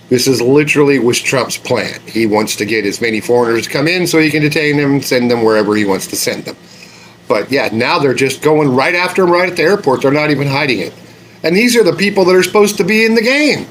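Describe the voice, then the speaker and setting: A man's voice: mid-range voice, brisk, fairly bright tone, slight background noise, rough recording. A man ranting casually and with exasperation, swearing now and then. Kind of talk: casual rant.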